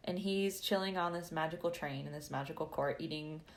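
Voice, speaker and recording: A woman's voice: sits low, a little fast. A woman casually recapping a book chapter, chatty, laughing often and saying "like" a lot. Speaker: podcast host.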